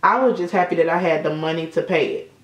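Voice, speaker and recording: A beauty vlogger whose voice sits on the low side talks fast while doing her makeup, telling casual stories with plenty of swearing. Her indoor room at sunset sounds roomy.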